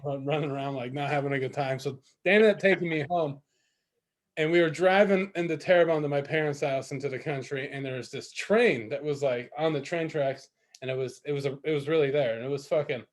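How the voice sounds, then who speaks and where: Rambling, laughing podcast guy. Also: fairly high pitch. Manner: rambling, laughs often, swears casually. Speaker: podcast co-host. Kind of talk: casual storytelling.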